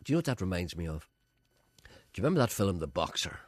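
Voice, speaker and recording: A fast-talking man hosts a radio show and swings his pitch wildly while he spins stories. The voice is slightly husky and recorded close and dry at a studio microphone. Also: dry recording. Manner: animated storyteller, acting out voices. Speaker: radio host. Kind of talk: casual studio chat and anecdote.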